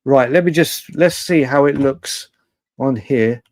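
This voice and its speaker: A man's voice: medium pitch, a little slow, a little mellow, no room sound. A man hosting a late-night live fan stream, chatty and rambling, often laughing and swearing freely. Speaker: fan show host.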